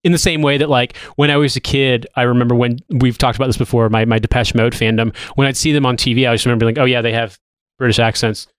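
A man's voice: medium pitch, steady tone, fast, hardly any pauses, no echo, studio quality. A man in his thirties co-hosting a podcast, chatting loosely with lots of restarts and casual swearing. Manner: rambling, swears freely. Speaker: podcast co-host. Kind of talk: casual chat.

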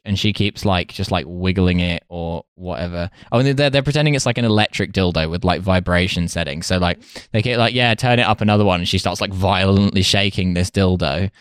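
Low-voiced man rambling through a comedy podcast. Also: clear, resonant tone, no echo, studio quality. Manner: rambling, laughing, many fillers and restarts. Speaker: podcast co-host. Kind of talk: casual comedic chat.

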